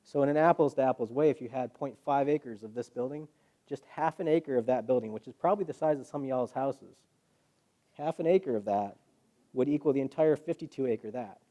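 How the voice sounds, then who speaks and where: A man's voice: mid-range voice, fairly quick. A man presenting to a live audience in a hall, telling stories with rhetorical questions and acted-out quotes. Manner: animated storyteller, acts out quotes, rhetorical questions. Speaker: guest presenter. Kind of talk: public talk to a live audience.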